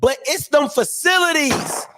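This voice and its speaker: A man hosting an online call-in show, talking in an animated, preachy and joking way full of slang. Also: very high voice, measured pace, background noise. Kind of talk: energetic call-in show monologue.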